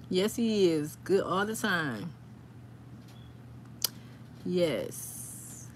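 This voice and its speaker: A woman hosting a casual live stream, rambling excitedly and reading viewers' comments aloud. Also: lowish voice, extremely slow, long pauses, a little hiss or hum.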